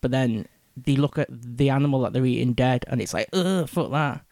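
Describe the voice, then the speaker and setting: A man's voice: mid-range voice, steady tone, fairly quick, vocal fry, warm tone, no room sound, studio quality. A man on a podcast, curious and questioning, swearing and laughing easily. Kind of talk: casual chat.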